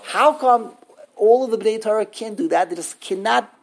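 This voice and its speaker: A woman's voice: fairly high pitch, moderate pace, gravelly, poor audio. A woman teaching Hebrew grammar in a classroom lesson, emphatic, often repeating herself and sounding out words syllable by syllable.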